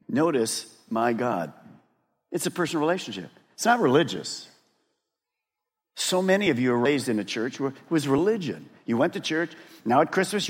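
A man preaching a sermon and talking straight to his congregation. He is animated and drops to a hush for emphasis. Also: medium pitch, breathy edge. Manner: addresses the congregation directly. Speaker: pastor. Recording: long reverb of a large hall.

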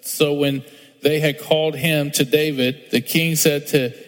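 A man's voice: a little high, steady tone, measured pace. A male pastor preaching a sermon in a chatty, storytelling way. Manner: conversational preaching, acts out little scenes. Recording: long hall reverb, soft music underneath.

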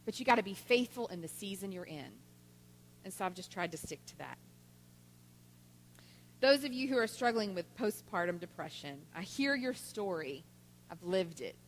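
A woman giving a Mother's Day talk in church, telling stories with lively voiced quotes. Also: mid-range voice, normal speed, long pauses, a little hiss or hum. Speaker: church speaker. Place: church sanctuary. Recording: long church hall reverb.

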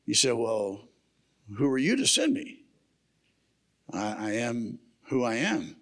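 A preacher voicing God as patient and exasperated, speaking low and dry in a sermon retelling. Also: male voice, big pitch swings, slow, a bit bright.

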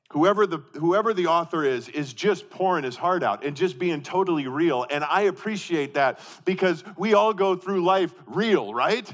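Emphatic male preacher, fairly high voice. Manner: emphatic preaching, rhetorical questions, swings from loud to hushed; repeats and restarts phrases. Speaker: pastor. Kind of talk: sermon.

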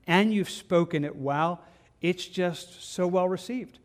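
A man with a somewhat high voice teaches from scripture in an earnest, conversational tone. He often stumbles, repeats words and starts his sentences over as he goes. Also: slow pace. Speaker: pastor. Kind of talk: devotional Bible teaching.

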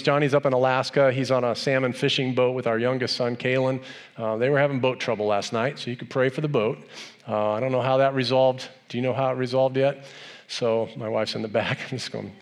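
A middle-aged man preaching a sermon about family faith, talking in a relaxed, conversational way and growing emotional as he speaks of his sons and their wives. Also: medium pitch. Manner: warm, conversational, softens and grows emotional when speaking of family. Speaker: pastor.

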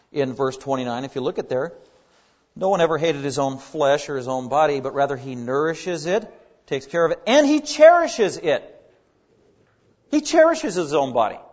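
A man's voice: a little high, lively intonation, a little fast, darkish tone, lo-fi sound. A man preaching a sermon, earnest and emphatic, leaning hard on key words as he builds his points. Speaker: pastor.

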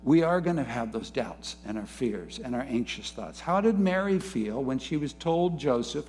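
A man preaching a sermon, moving between soft, low musing and rising, fervent emphasis. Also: expressive, moderate pace, few pauses, slight background noise. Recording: faint music behind.

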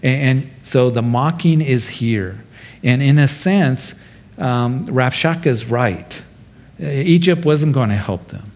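Man, pastor, sermon, conversational, speaks directly to the congregation, mid-pitched voice. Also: expressive, slow, gravelly, a little mellow. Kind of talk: expository sermon.

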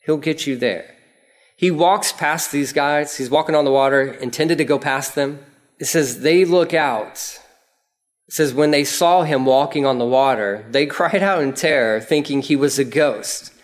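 Guy preaching casually, slightly high voice, super animated storytelling. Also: unhurried. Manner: animated storytelling, acts out prayers in a raised pitch. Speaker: pastor. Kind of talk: casual conversational sermon.

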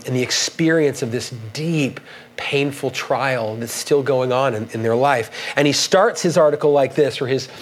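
The low-quality recording captures a man of medium pitch delivering a sermon as a pastor. He's earnest but halting, with many restarts, and his emphasis builds as he reads quoted passages.

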